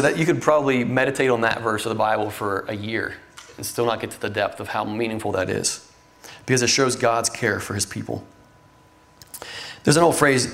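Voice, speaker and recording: A man's voice: medium pitch, fairly bright tone. Earnest middle-aged male preacher. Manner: earnest, conversational preaching with fillers. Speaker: pastor. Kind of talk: sermon.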